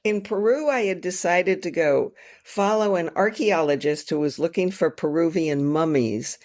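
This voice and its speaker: A woman author, a guest on a podcast, telling her travel stories in an animated, self-mocking way. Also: lowish voice, normal speed. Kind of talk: storytelling in a podcast interview.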